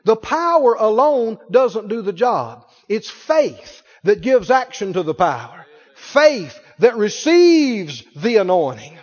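A man's voice: sits high, very animated, takes it slowly, few pauses, a little mellow. A man preaching a sermon to a congregation, emphatic, acting out the people in the story. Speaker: pastor. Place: church sanctuary with a congregation. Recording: dull sound in a reverberant church hall.

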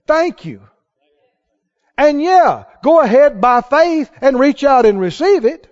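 High-voiced, lively preaching man. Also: a little slow. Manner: emphatic preaching, asks the congregation questions. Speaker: pastor. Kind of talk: sermon. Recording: dull lo-fi sermon recording.

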